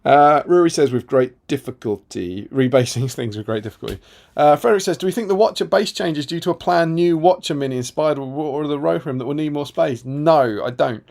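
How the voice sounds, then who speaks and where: A man's voice: a little high, fairly quick, gravelly, a little mellow. A man co-hosting a casual live stream, reading viewer comments aloud with a chatty, laughing manner. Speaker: co-host reading chat comments.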